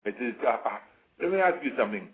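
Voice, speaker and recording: A man's voice: medium pitch, sing-song, fast talker. A man giving an interview in a casual, emphatic way, repeating his points over and over. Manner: emphatic, repeats points, acts out quoted voices. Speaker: interview guest. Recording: tinny phone-like radio sound.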